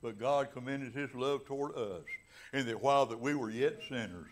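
A man preaches a sermon, sinking into soft, low passages before building to loud, emphatic climaxes. He draws out key words slowly and tosses casual asides to the congregation, while a crowd can be heard in the background.

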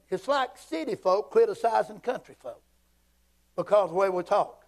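A Southern man in his fifties preaching a fiery, folksy church sermon, swinging between shouts and hushed asides. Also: sits high, animated, normal speed. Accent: Southern American. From Southern United States. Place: church sanctuary.

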